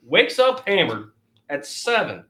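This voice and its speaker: A man co-hosting a casual podcast, telling a hunting story in an animated, profane way. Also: fairly high pitch, a little slow. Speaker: podcast co-host.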